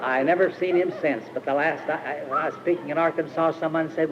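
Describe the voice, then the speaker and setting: An older man with a fairly high voice tells stories in a loose, rambling sermon, stumbling over uh's and restarting his sentences. The sound is a dull, muffled old archive recording with faint hiss behind him. He is speaking at a camp meeting. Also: steady tone. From Iowa, USA. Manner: rambling, halting, with many uh-hesitations and restarts. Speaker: speaker at a Christian retreat camp. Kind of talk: informal storytelling sermon.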